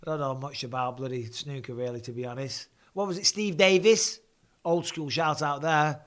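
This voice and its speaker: Fairly bright and a little high, with even intonation and a moderate pace, an Englishman in his forties hosts a home live stream. He commentates a fight offhandedly, swears freely, answers viewer questions and comes across as blokey.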